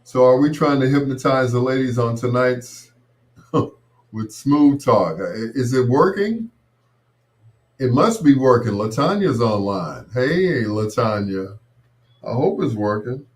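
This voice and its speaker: On his late-night live stream, a man croons slowly and smoothly, calling his audience baby and greeting viewers by name with a joking tone. His medium-pitched voice is expressive.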